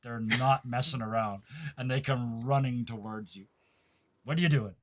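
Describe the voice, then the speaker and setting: A man's voice: medium pitch, moderate pace, noisy background. A man narrating a tabletop game as game master, rambling with fillers and frequent laughs.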